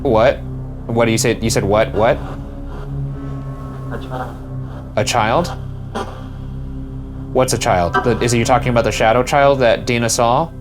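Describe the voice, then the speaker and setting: A man's voice: medium pitch, fairly even intonation, a little fast, over music. A man investigating a house on a ghost hunt, calling out to spirits in the empty rooms and reacting nervously. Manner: jittery, talks to the empty room, startled outbursts. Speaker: co-host, paranormal investigator. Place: inside a family house.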